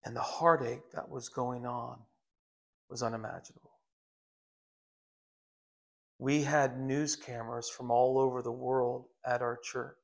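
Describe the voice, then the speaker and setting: A man's voice: mid-range voice, level tone, unhurried, gravelly, pauses often. A middle-aged man preaching a sermon, telling stories earnestly with frequent restarts. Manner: earnest, storytelling with repeated restarts.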